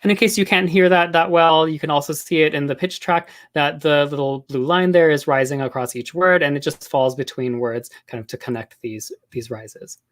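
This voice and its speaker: A man giving an academic talk on linguistics, measured and thoughtful, with frequent pauses and fillers. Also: fairly high pitch. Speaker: linguistics lecturer.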